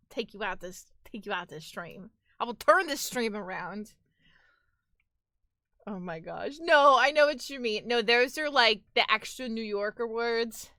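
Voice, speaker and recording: A woman's voice: fairly high pitch, pushed and bright, no room sound, clean studio sound. A woman with a Brooklyn-tinged New York accent, chatting casually and animatedly with viewers as a live streamer, full of "like" and the odd swear. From near New York City. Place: home.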